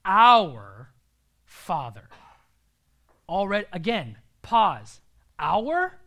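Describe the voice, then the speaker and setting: A man's voice: on the high side, animated, moderate pace, a bit bright, lo-fi sound. A young man preaching a sermon in an earnest, emphatic way, sometimes dropping to a near-whisper.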